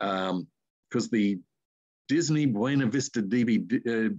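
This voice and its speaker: The highs are cut off in this recording of an older Australian man with a husky, fairly low voice. An unhurried voice artist, he's an interview guest telling rambling, casual anecdotes with lively asides.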